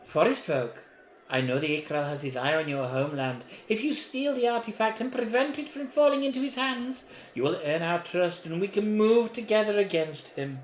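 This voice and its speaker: A man's voice: sits high, normal speed, slight background noise, voice pushed up, natural voice. A man reading out a mysterious, disembodied female voice in a board game, with a grave, formal delivery. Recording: echoey room.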